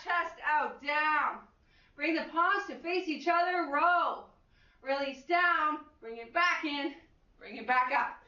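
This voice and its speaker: High, bright-voiced woman fitness instructor. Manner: upbeat, counts reps, whoops. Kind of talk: guided exercise class cueing. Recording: echoey room, far from the mic, dull lo-fi.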